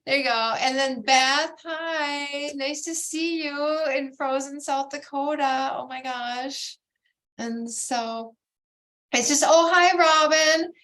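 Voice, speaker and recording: A bubbly woman welcomes everyone on a video call, gushing over each arrival. Her voice sits a little high, and she talks in a slow, unhurried way. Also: fairly bright tone. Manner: bubbly, gushing, keeps saying "oh my gosh". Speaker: bead society meeting host. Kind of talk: casual video-call meeting hosting.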